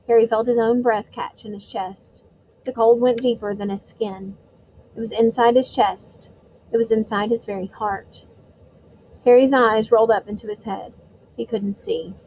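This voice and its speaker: A woman narrating a storybook chapter in a measured, suspenseful way. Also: a little high, dark tone, a little hiss or hum, low-quality recording. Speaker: audiobook reader.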